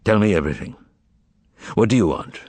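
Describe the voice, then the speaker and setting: A man voicing a calm, commanding male devil figure who speaks in a low, unhurried, reassuring way. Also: slightly rough, no echo.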